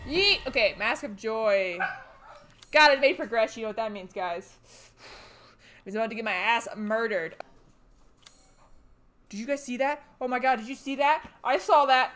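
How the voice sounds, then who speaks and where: A woman streamer talks her way through a horror game in a high-pitched voice. Her tone is bright and sharp. She is jumpy and excitable and argues out loud with the characters chasing her. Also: measured pace, long pauses, a little hiss or hum. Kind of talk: let's play commentary.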